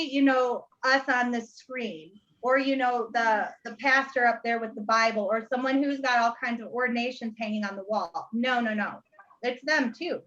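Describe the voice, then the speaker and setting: A woman's voice: fairly high pitch, a bit bright, muffled recording. A woman co-hosting a casual talk over a video call, telling a testimony with laughter and playful energy. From Ohio. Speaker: co-host sharing a testimony. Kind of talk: casual storytelling chat.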